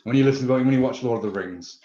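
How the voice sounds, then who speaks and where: A man's voice: medium pitch, fast talker, dark tone. A man talking eagerly as an author guest, rambling with lots of fillers. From England. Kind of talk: casual conversation. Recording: roomy, dull-sounding call audio.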